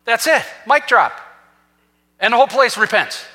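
A senior pastor with an extremely high, sing-song, sharp-toned voice preaches a sermon at normal speed. He tells a scripture story, acting out the quotes and rising to fervent peaks, amid the long reverb of a large hall.

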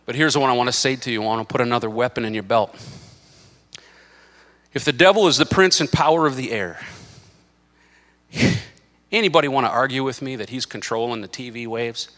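A man's voice: mid-range voice, brisk, pauses often, a bit bright. A male pastor preaching a sermon in a church, emphatic and impassioned with lots of repetition. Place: church sanctuary.

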